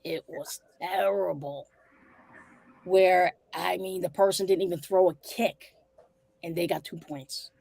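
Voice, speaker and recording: A woman's voice: on the low side, takes it slowly, gravelly, dry recording. A woman martial arts school owner telling stories bluntly and animatedly in a casual podcast interview. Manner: animated, blunt, repeats herself when indignant.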